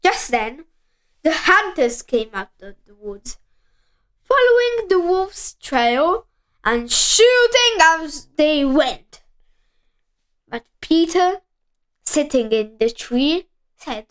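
A woman reading a children's story aloud, slowly and expressively, with dramatic pauses. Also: sits high, expressive, fairly bright tone, poor audio.

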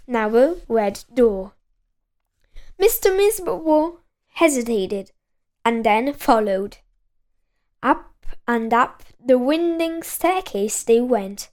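High-voiced woman reading a children's story. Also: lively intonation, takes it slowly, darkish tone. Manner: keeps breaking into giggles.

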